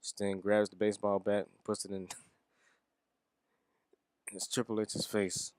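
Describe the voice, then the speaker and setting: Casual, profane low-voiced man reviewing wrestling. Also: level tone, slow pace, darkish tone, clean tone, no echo, clean studio sound. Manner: rambling, profane, chuckling.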